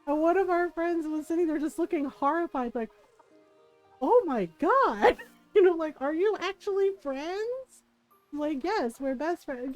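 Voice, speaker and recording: A woman's voice: high voice, darkish tone, low-quality recording. A middle-aged woman streamer in casual chat, telling a story with frequent laughter. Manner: chatty storytelling, laughs often.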